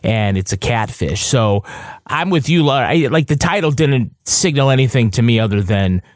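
A man co-hosting a podcast in casual chat, animated and slipping into playful voices mid-sentence. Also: medium pitch, moderate pace, no room sound, clean studio sound. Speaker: podcast co-host.

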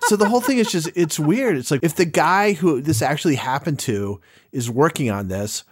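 A man's voice: a little high, lively intonation, fairly quick, slightly rough, dry recording, studio quality. A man on a review podcast who rambles and acts out the scenes he describes. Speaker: podcast panelist. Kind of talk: casual review chat.

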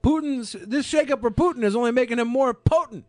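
A man's voice: very high-pitched, a little fast, darkish tone, dry recording. A man hosting a podcast, making crude, sarcastic jokes in casual commentary. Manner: crude, joking, sarcastic asides. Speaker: podcast host.

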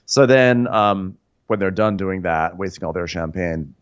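A man's voice: low-pitched, clean tone, dull audio. A man co-hosting a comedy recap podcast, narrating the episode with rambling asides. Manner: rambling storyteller, quick asides. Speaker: podcast co-host.

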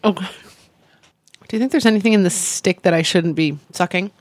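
A woman co-hosting a podcast in casual chat, with dry, deadpan humor. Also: on the low side, fairly quick, dry recording. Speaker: podcast co-host.

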